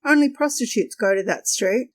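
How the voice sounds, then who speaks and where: A woman voicing a nosy male taxi driver who talks quickly and pries. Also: on the high side, natural voice. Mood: prying. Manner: quick, prying, insistent.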